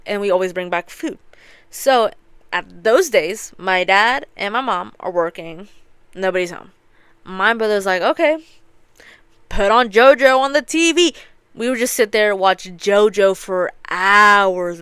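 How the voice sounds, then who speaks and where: A woman's voice: mid-range voice, a little slow, clear, resonant tone, no echo. A young woman hosting a podcast, retelling an anime plot in casual chat, swearing freely and acting out the characters' lines. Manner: animated, profane storytelling with acted-out quotes. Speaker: podcast host.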